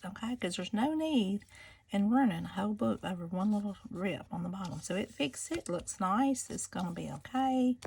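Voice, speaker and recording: A woman's voice: mid-range voice, animated, normal speed, creaky, darkish tone, a little hiss or hum. A chatty woman, gushing as she shows off her handmade planners in a casual vlog. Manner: gushing, chatty, addresses viewers as y'all. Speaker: craft seller showing planners. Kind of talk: casual show-and-tell vlog.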